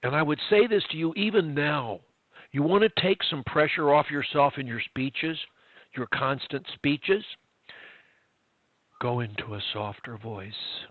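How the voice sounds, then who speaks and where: A man's voice: on the high side, moderate pace, no echo. A man coaching a client one-on-one over a video call, emphatic and instructive, repeating his key phrases. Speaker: stuttering coach. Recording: tinny online call, dry.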